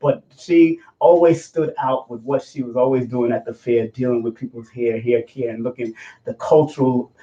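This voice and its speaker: A man hosting an interview show, talking casually and repeating details slowly for listeners. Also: medium pitch, fairly even intonation, dark tone, reverberant. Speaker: show host. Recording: muffled lo-fi recording.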